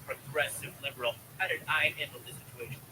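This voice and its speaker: A man doing stand-up, telling a story about his young daughter with a lively, building delivery. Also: medium pitch, quick pace, very noisy. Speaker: stand-up comedian.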